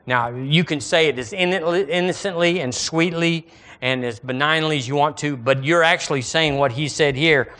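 A male pastor, preaching an animated sermon and calling on the congregation to repeat lines after him. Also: on the high side, moderate pace.

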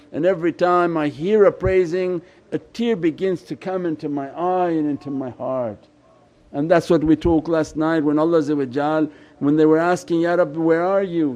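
A man preaches as a Sufi shaykh in a mellow, somewhat high-pitched voice. His delivery is impassioned and pleading, rising to loud appeals and sinking to near-whispers. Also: lo-fi sound. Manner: impassioned, pleading, voice swells and drops. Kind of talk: sermon.

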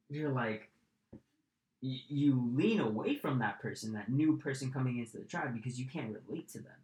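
A man's voice: medium pitch, animated, moderate pace, darkish tone. Blunt, swearing man coaching in echoey room. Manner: blunt, profane, addresses listener directly. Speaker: communication coach. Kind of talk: casual spoken lesson.

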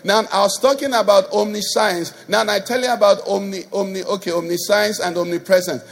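A man's voice: high-pitched, fairly even intonation, fairly quick. A man preaching a sermon as pastor, emphatic, with call-and-response questions to the congregation.

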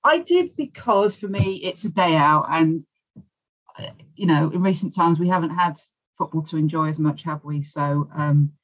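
A woman talking about her football club with an enthusiastic, warm manner. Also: sits low, level tone, moderate pace, poor audio. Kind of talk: casual chat.

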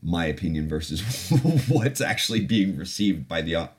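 A man's voice: sits low, animated, normal speed, a little hiss or hum. A man hosting a podcast, telling a personal story in a candid, profane, reflective way. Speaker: podcast host. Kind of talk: casual storytelling.

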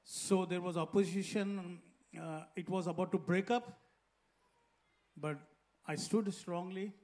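A man's voice: high voice, a little slow, a little mellow. A middle-aged man from India with an Indian accent, English not his first language, earnestly telling his testimony as a guest pastor into a handheld mic. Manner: simple, earnest storytelling. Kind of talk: personal testimony in an interview. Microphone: handheld microphone.

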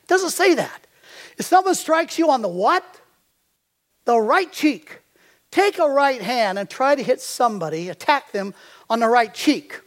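A man's voice: very high voice, very animated, moderate pace. An older man preaching a sermon as a pastor. He tells stories and quizzes the congregation with fill-in-the-blank questions.

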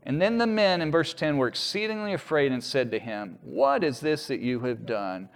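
A man preaching a sermon, telling a story with lively voiced quotes. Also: fairly high pitch, normal speed. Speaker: pastor. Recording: echoey hall with long reverb.

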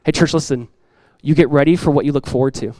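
With quick pacing and direct, earnest conviction, a middle-aged pastor preaches in a church sanctuary, repeating key lines and slipping into animated everyday voices for lively emphasis. His voice is a bit high for a man, captured close and dry with little room echo.

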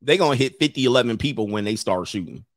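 A man's voice: mid-range voice, expressive, fast talker, no room sound. A middle-aged man hosting a livestream, telling stories casually, laughing often and acting out other people's voices. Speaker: livestream host.

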